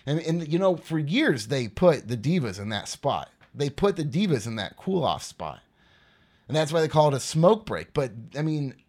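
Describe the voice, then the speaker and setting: A man hosting a podcast, giving a casual, rambling wrestling recap and repeating points for emphasis. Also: on the high side. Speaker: podcast host.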